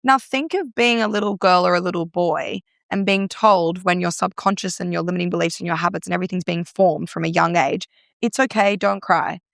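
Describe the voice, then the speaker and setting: A woman's voice: on the low side, steady tone, a little fast, gravelly, few pauses, fairly bright tone, no echo, studio quality. A young Australian woman, a breathwork guest, telling stories in casual chat full of "like" fillers. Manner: chatty, storytelling, many "like" fillers.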